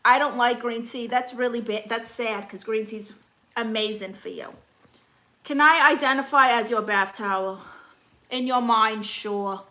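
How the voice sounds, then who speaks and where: A woman's voice: fairly high pitch, fairly even intonation, measured pace, sharp tone. A young woman comedian hosting a live stream, reading comments and handing out blunt, sassy advice.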